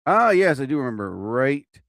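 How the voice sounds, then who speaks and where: A man's voice: medium pitch, sing-song, moderate pace, fairly bright tone, no echo, clean studio sound. A young man hosting a casual live-stream show, rambling and joking, swearing often as he fumbles with his sound effects. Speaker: host.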